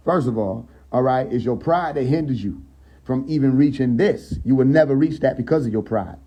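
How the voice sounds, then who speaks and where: A man hosting a casual live stream who teaches from scripture and keeps checking in with his listeners, slowing down and lifting his voice when he reads verses aloud. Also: mid-range voice, mellow, husky, rough recording. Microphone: phone.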